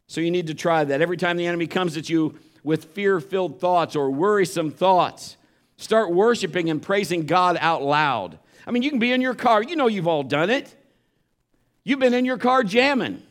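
A pastor preaching a sermon, moving between fervent exhortation and hushed storytelling. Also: male voice, high-pitched, lively intonation, moderate pace.

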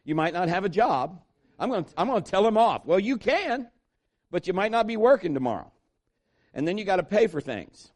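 A man's voice: high-pitched, a little fast. A middle-aged man preaching a sermon, telling a personal story and acting out the voices of the people in it. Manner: animated storytelling preacher, acts out quoted voices. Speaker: pastor.

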